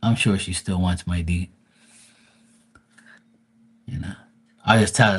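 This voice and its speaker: A man's voice: sits low, steady tone, slow pace, pauses often, fairly bright tone, breathy edge. A man telling stories in a casual, crude and mocking rant, full of swearing, with stammered restarts. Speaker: vlogger.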